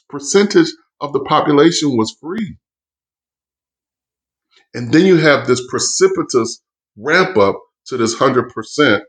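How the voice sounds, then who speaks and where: A middle-aged man teaching history in an impassioned, preacherly way, full of rhetorical questions. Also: mid-range voice. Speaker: educator. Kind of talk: history lesson with commentary.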